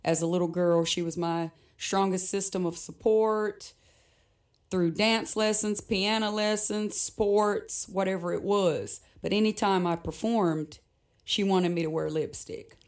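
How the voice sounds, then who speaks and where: A woman's voice: medium pitch, steady tone, measured pace. A woman guest, a musician, telling a personal story in conversation, reflective and often laughing between sentences.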